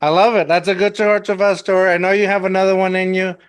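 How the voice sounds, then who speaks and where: Relaxed man hosting a podcast, dry sound. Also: high-pitched, quick pace, clear, resonant tone, no room sound. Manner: relaxed, encouraging, laughs along. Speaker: podcast host. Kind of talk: casual interview.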